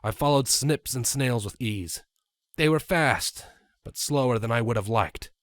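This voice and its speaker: A man reading a fan fiction story aloud with an expressive, animated delivery. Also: medium pitch, unhurried, dry recording, studio quality. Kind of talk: dramatic story narration.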